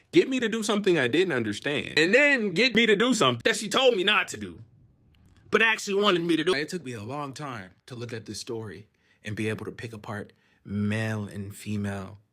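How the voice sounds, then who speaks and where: Lively bright-voiced young man telling a story. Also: mid-range voice. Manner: animated, slangy, dips into hushed whispers. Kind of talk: casual storytelling to camera.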